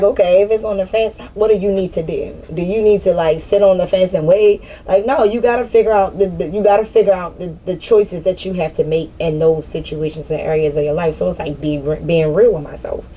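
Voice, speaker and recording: A woman talking candidly in a personal vlog, slangy and animated, swearing and laughing at herself. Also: lowish voice, fairly quick, few pauses. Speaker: spiritual vlogger.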